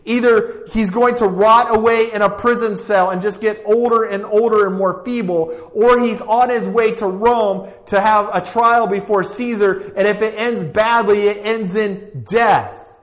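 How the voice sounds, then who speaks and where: A man's voice: sits high, steady tone, unhurried. A man preaching a sermon with an emphatic, repetitive cadence, reading scripture aloud. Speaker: pastor.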